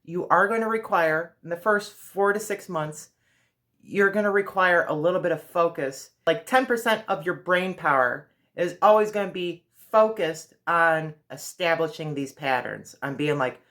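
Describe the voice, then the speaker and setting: A woman's voice: fairly low pitch, moderate pace, a bit bright. A woman vlogger giving earnest, direct advice in a casual monologue.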